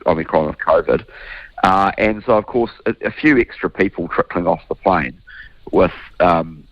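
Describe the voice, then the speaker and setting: A man in his thirties with a New Zealand accent, a politician answering interview questions in a hoarse, croaky voice, earnest and restarting his sentences. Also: sits low, moderate pace, no room sound. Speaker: politician guest. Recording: dull, dry remote line.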